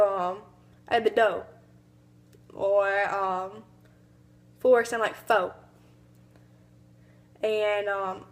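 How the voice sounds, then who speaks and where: A young woman with a Southern US accent gives an informative class speech, hesitant and full of fillers. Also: mid-range voice. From American South. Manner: hesitant, many fillers, mimics accents briefly. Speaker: student giving a speech.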